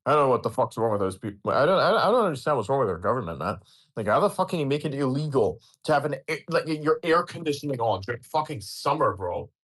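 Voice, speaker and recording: A man hosting a casual online chat, ranting and swearing with bursts of laughter, in a husky voice. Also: medium pitch, fast. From Europe. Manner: profane, animated ranting with laughter. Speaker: host.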